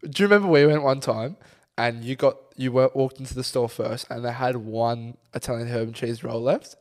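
A young man co-hosting a casual podcast chat, animated, swearing and laughing often. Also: medium pitch, a little fast. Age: young adult. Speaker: podcast co-host.

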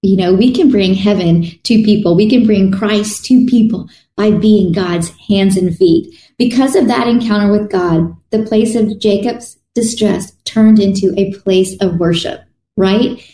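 A woman delivers a sermon in an earnest, conversational tone, often doubling back on her words. Her voice is mellow and soft-edged. The room around her is echoey. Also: medium pitch, a little slow. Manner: earnest, conversational preaching with restarts. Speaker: preacher.

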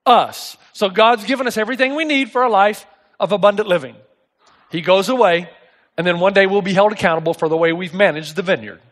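High-voiced pastor preaching with animated storytelling. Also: male voice, a little fast. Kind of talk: sermon.

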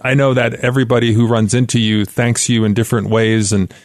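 A man's voice: medium pitch, little pitch movement, brisk, no room sound, clean studio sound. A man hosting an interview and asking questions in a friendly, conversational way. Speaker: interview host. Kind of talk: podcast interview.

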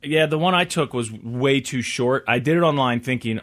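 A man's voice: mid-range voice, moderate pace, fairly bright tone. A man hosting a radio show in casual on-air chat. He muses aloud while reading items from a list. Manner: chatty, musing aloud, reads items from a list.

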